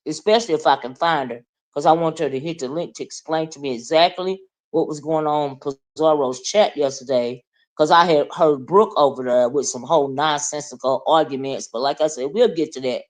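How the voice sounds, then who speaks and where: A woman's voice: deep voice, brisk. A woman hosting a casual livestream, chatting with viewers, greeting them by name and asking "right?" often. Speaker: livestream host.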